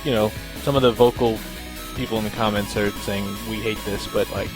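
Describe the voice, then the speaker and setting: A man's voice: on the low side, steady tone, a little fast, music in the background, low-quality recording. Laid-back man co-hosting a podcast. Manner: laid-back, reassuring banter. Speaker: podcast co-host. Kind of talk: casual chat.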